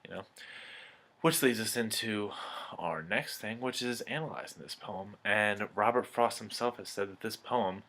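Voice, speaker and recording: Deep-voiced young man, bright tone. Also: normal speed. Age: 20s. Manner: relaxed and chatty, with frequent ums and throat clearing. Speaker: student. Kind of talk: poem recitation and casual analysis.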